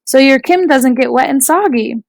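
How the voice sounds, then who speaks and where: A bubbly, warm-hearted young woman customer chats in a raised, upbeat voice, as a woman reading a storybook puts her on. The delivery is cheerful and talkative. The sound is dry and close. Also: sits high, moderate pace, vocal fry, no echo. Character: friendly young Korean American woman customer.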